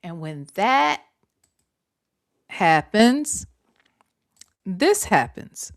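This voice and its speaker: Speaking very slowly in a medium-pitched, sing-song voice, a woman hosts a casual livestream. She's chatty with her audience, leaning on slang, "y'all," and free swearing.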